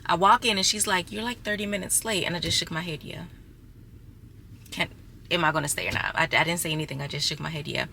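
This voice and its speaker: Her voice is low, gravelly and sharp, and she talks fast but pauses often, with slight background noise behind her. The young adult woman, six months pregnant, is vlogging a casual story to viewers she calls "y'all," sounding chatty and exasperated.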